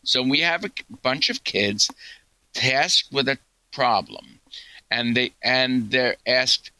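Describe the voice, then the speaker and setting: A man's voice: medium pitch, slow pace, bright, forceful tone, dry recording, poor audio. A man being interviewed as a guest scientist, answering earnestly and telling stories, often quoting what others said. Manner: earnest, storytelling, quotes others.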